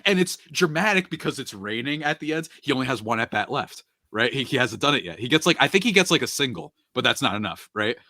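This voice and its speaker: A man in casual podcast chat, retelling a movie plot with animated, running storytelling. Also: mid-range voice, fast talker, hardly any pauses, dry recording. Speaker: podcast speaker.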